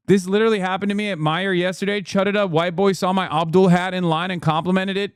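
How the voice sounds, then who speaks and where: A streamer man riffs on clips in a sarcastic, swearing way, looping his own catchphrases. His voice sits a little high for a man and sounds close and dry, with no room around it. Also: fast talker, hardly any pauses, clean tone, dry recording. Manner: sarcastic, profane, riffing and repeating phrases for effect. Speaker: streamer host reacting to clips. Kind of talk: casual live-stream commentary.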